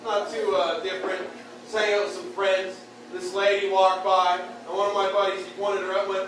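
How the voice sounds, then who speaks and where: A man's voice: high voice, level tone, fairly quick, a bit bright. A man doing a stand-up comedy set of crude one-liners in a beer hall, jabbing at the crowd. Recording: echoey room from far off, bar noise.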